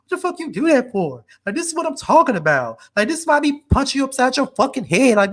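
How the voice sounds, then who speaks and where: A man's voice: very high-pitched, a bit bright, pitched above the performer's own voice, exaggerated voice. A man putting on the voice of an angry young woman who scolds her boyfriend in a mocking livestream impression, ranting and repeating "bro" at every turn.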